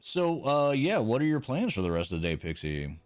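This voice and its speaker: A man's voice: medium pitch, sing-song, normal speed. A man streaming a video game, chatting casually with viewers in a laid-back, rambling, self-mocking way and swearing now and then.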